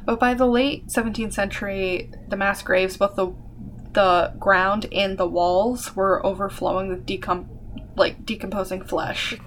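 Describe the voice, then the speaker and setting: A woman's voice: mid-range voice, steady tone, a little slow, a little hiss or hum. A young adult woman co-hosting a podcast, casually telling a history story with lots of fillers and the odd swear word. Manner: chatty, full of fillers and swearing. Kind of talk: casual chat.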